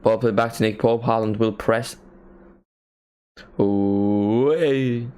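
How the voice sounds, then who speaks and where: A man hosting a live match watchalong, giving casual play-by-play commentary with jokey asides and excited calls. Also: lowish voice, brisk.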